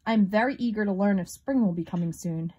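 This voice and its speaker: A woman voicing an eager male frog with a booming voice in a storybook. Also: a little fast, breathy edge, lo-fi sound, close to an everyday voice. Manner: eager, loud.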